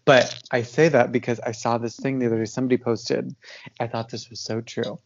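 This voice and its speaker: A man's voice: mid-range voice, flat delivery, brisk, muffled recording, a little hiss or hum. A man co-hosting a podcast in casual chat, tired and yawning, rambling with frequent laughs and fillers. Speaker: podcast co-host.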